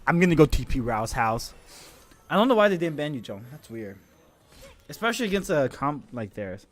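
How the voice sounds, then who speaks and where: A man casually commentating an esports match on his live stream, joking and swearing, with bursts of excited shouting. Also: on the high side, fairly quick.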